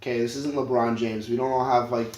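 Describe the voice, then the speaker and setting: A man's voice: medium pitch, little pitch movement, brisk, background noise. A man co-hosting a podcast who gives blunt, sarcastic, profane opinions in casual chat. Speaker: podcast co-host. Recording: echoey room with faint ambience.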